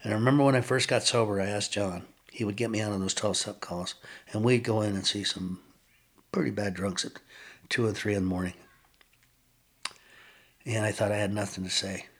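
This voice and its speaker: Older man with a husky, low voice. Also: steady tone. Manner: earnest, reflective storytelling with pauses. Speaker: podcast guest. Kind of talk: personal recovery story.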